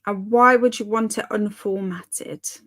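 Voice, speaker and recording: Slow-talking, giggly woman streamer. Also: mid-range voice, fairly even intonation, a bit bright. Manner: chatty, giggly and bemused. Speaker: livestream host. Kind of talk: casual live-stream chat reading comments aloud.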